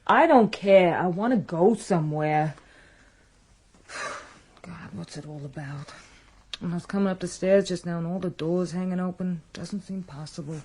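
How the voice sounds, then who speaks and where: An actress playing a middle-aged New York wife, rueful and wistful, in a radio drama. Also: female voice, lowish voice, moderate pace, a little mellow, slight background noise, close to an everyday voice.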